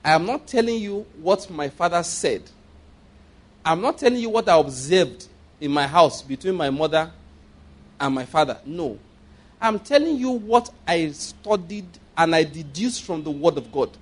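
A man's voice: a little high, animated, normal speed. A man preaching a sermon as a story, repeating himself for emphasis, checking in with his listeners and chuckling along the way. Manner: chuckles often while telling.

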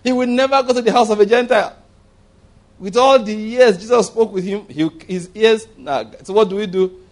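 A man preaching a sermon in a humorous, conversational way. He chuckles at his own jokes and jumps up in pitch to stress a point. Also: moderate pace. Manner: animated, jumping up in pitch for emphasis.

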